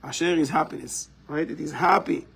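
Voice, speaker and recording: Guy teaching a class, gravelly, keeps asking right?. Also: fairly high pitch, steady tone, brisk, fairly bright tone, rough recording. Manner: explains step by step, keeps checking in with "right?". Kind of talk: live class lesson. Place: community center classroom.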